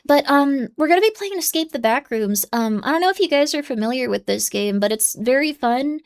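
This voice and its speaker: A woman's voice: high-pitched, expressive, brisk, clear, resonant tone. A young adult woman streaming live, chatting casually and bubbly, playfully scolding and dropping into whispers.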